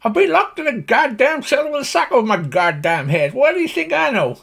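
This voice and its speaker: A man voicing a cranky, beaten old male rancher who curses constantly in a high, shrill drawl. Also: big pitch swings, brisk, gravelly, a bit bright, exaggerated voice. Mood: irate.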